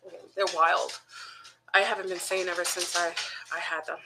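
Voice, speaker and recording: A woman's voice: fairly low pitch, flat delivery, moderate pace, noisy background. A woman talking straight to her viewers from home in an unscripted monologue, firing off rhetorical questions and calling them y'all. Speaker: online commentator. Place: home with dogs nearby.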